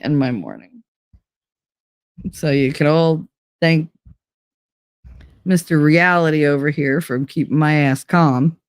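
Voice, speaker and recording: A woman hosting a livestream, chatting casually with viewers, profane and animated, laughing often. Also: low voice, no room sound, clean studio sound. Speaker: livestream host. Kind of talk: casual livestream chat reading viewer messages.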